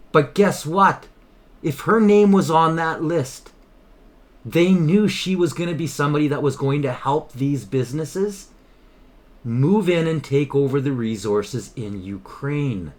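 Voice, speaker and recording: A man hosting his own channel, delivering an impassioned, emphatic political commentary monologue with frequent repetition. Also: on the high side. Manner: impassioned, emphatic, repeats himself. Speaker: channel host.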